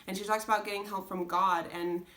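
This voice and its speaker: A woman's voice: medium pitch, fairly even intonation, a little fast, a bit bright. A young woman talking casually as a homeschooling mom, earnest and rambling, full of restarts and "like". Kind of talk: casual chat.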